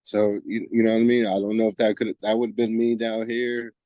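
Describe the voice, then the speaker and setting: A man's voice: fairly low pitch, level tone, fairly quick, dark tone, no room sound. A man in his forties from New Jersey, a guest on a podcast, speaking in a laid-back, reflective way and often saying "you know what I mean". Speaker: guest softball player. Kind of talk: casual interview chat.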